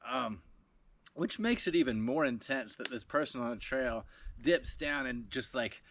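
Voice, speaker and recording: Man, video blogger, casual storytelling, animated, laughs a lot, swears freely. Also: mid-range voice, measured pace, a little hiss or hum.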